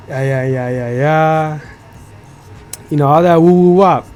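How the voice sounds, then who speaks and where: There's slight background noise as a young man hosts his podcast in a fairly high, somewhat mellow voice, speaking at a measured pace with frequent pauses. Telling a story casually, he curses often, fills his talk with "like," and repeatedly asks "you feel me."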